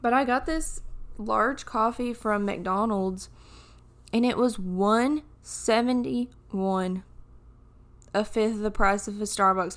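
Slow, smooth-voiced young woman podcaster. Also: medium pitch. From United States. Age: 20s. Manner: chatty, jokey, wandering tangents. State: groggy morning voice. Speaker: podcast host. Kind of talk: casual solo podcast chat.

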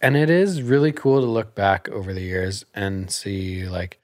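A man's voice: fairly low pitch, unhurried, no room sound, studio quality. A man who works as a realtor, talking in a casual podcast chat as a guest, telling stories animatedly and laughing often.

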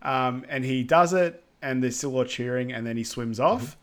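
Chatty man rambling through a recap. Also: mid-range voice. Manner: rambling with many fillers and quick asides. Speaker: podcast co-host. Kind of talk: casual film recap chat.

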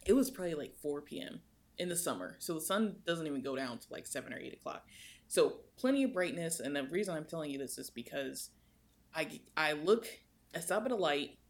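Young woman with vocal fry. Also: a little fast. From United States. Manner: animated, swings in pitch while telling a story. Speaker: podcast co-host. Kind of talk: casual storytelling chat.

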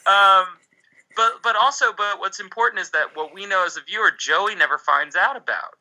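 A man's voice: high-pitched, moderate pace, sharp tone, rough recording. A man co-hosting a podcast, chatting casually about a TV show with lots of restarts and blunt swearing. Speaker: podcast co-host. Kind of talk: casual chat recapping a TV show.

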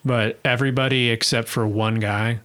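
A man's voice: medium pitch, steady tone, moderate pace, a bit bright, smooth. A man guesting on a podcast, speaking casually and often restarting his sentences. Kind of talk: casual chat.

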